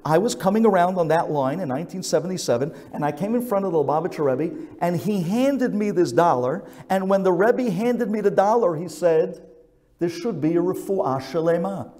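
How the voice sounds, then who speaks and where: A man's voice: high voice, animated, moderate pace, mellow. A man voicing a kindly middle-aged rabbi who earnestly recalls a childhood memory. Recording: echoey synagogue hall.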